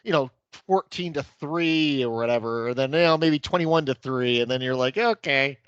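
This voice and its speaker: A man co-hosting a casual sports podcast, measured and giving his predictions with small laughs. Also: mid-range voice, clean tone, no echo. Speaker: podcast co-host. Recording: muffled lo-fi mic.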